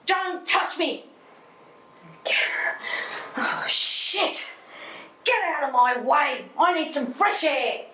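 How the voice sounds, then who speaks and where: An actress playing a betrayed woman who confronts her lying business partner, shouting angrily. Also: high voice, lively intonation, extremely slow, pauses often, echoey room, recorded from a distance, a little hiss or hum, full character voice. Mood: furious. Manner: shouting, indignant. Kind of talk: drama scene.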